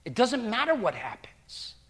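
A man quoting a calm, firm male teacher giving counsel in a sermon, in a slightly raised, steady voice. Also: extremely high pitch, moderate pace, pitched above the performer's own voice, heavily acted.

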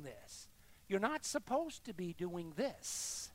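A middle-aged man preaching a sermon as pastor, emphatic, swinging between quiet confession and loud insistence. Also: high voice, sing-song, slow pace.

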